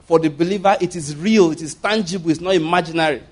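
Emphatic Nigerian preacher man, higher-pitched. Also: quick pace. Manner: emphatic, repetitive, conversational preaching with laughs. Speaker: pastor. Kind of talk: sermon.

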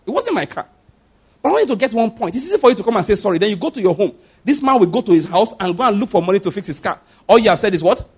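A man preaching a sermon as pastor, emphatic, often asking the congregation if they follow and swinging between loud and hushed delivery. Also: high voice, sing-song, racing, husky.

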